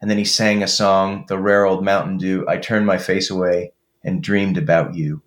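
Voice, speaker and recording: A man's voice: sits low, flat delivery, moderate pace. A man co-hosting a casual chat, talking with enthusiasm and rambling with lots of fillers. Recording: roomy echo.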